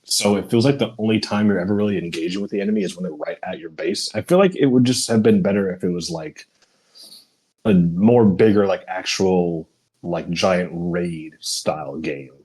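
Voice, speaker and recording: A man co-hosting a podcast, talking in a relaxed, rambling way with lots of fillers. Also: sits low, normal speed, breathy edge. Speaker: podcast co-host. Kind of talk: casual chat.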